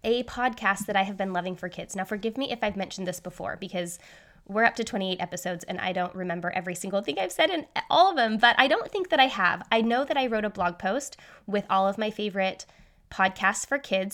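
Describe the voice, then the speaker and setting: Woman in her thirties, podcast host, solo monologue, talks fast, mid-range voice. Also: mid-range voice, fairly bright tone. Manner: fast-talking, says so herself.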